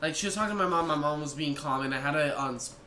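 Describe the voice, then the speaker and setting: A young man telling a rambling storytime vlog and acting out people's lines in quick bursts. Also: on the high side, sharp tone. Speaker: vlogger. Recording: echoey room, noisy ambience.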